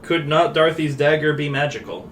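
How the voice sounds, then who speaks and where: A man's voice: a little high, flat delivery, a little fast, fairly bright tone, slight background noise. Man playing a tabletop game. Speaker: player. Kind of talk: casual chat at a tabletop game.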